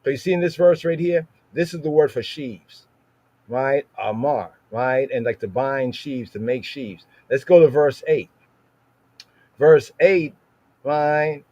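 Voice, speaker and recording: A man's voice: mid-range voice, unhurried, dark tone, muffled recording. Man teaching, asking "right?" again and again. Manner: repeats words, drawing out Hebrew sounds, checks in with "right?". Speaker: podcast teacher on scripture. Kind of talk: casual teaching talk.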